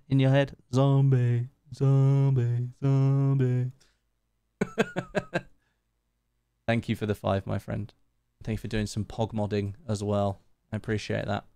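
A man with a lowish voice reads out his viewers' names and thanks each of them in a loose, chatty live-stream manner, laughing easily as he goes. The sound is dry and close, with little room echo. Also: clean tone. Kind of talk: casual live-stream chat while gaming.

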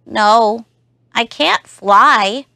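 A woman's voice: fairly high pitch, very slow, creaky, pushed and bright, no room sound, studio quality, exaggerated voice. A woman voicing a small, downhearted little frog in a children's storybook recording. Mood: sad. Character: small sad little frog who learns to be happy.

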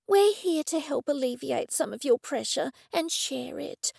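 A woman voicing a sincere, eccentric hostess who speaks gently and earnestly. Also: high voice, expressive, unhurried, creaky, no room sound, studio quality, voice pushed up, heavily acted. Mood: consoling. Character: sincere, soothing eccentric woman hosting a dinner.

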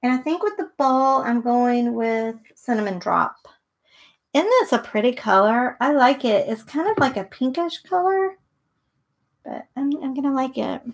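A woman's voice: high voice, lively intonation, normal speed. A middle-aged woman hosting a live painting tutorial, chatting and thinking aloud as she works. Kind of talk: live painting demo with casual chat.

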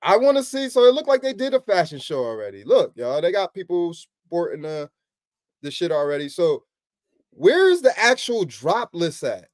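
A man hosting a sneaker channel, chatting casually with his viewers in animated slangy banter and laughing often. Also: sits high, moderate pace, dry recording, studio quality. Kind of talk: casual streaming chat.

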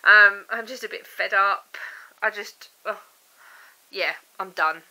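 A woman's voice: mid-range voice, slow pace, bright, forceful tone, low-quality recording. A young woman vlogging at home, chatting in a rambling, exasperated way. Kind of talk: casual vlog chat. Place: home, indoors.

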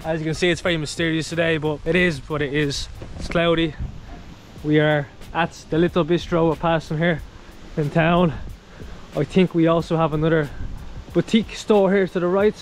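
A man's voice: a little high, steady tone, moderate pace, slight background noise. A man hosting a casual travel vlog outdoors, chatty and upbeat, talking to his viewers as he walks along a street. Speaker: travel vlogger. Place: outdoors on a town street with passing traffic.

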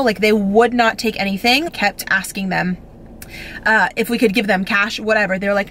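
Young woman, home vlog, teary, gushing storytelling, fillers, mid-pitched voice, faint hiss. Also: fairly even intonation, a little fast, fairly bright tone. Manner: breathless, gushing, filler-heavy. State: teary, on the verge of crying. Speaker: vlogger.

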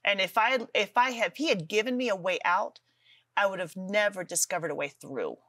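A woman's voice: medium pitch, brisk, a bit bright, no room sound. A middle-aged woman, a guest author, telling her story earnestly with self-deprecating humor on a talk show. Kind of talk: testimony in a studio talk show.

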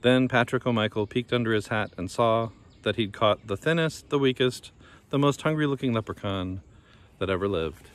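A man reading a children's fairy tale aloud in a gentle, measured storytelling manner. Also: medium pitch. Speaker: storybook reader.

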